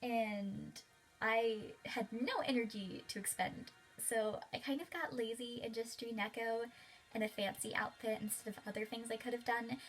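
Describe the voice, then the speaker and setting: Young woman, slightly high voice, casual voice-over, chatty and gushing, soft music underneath. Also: low-quality recording. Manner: chatty and gushing, with many fillers. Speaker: artist showing her sketchbook. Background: faint background music.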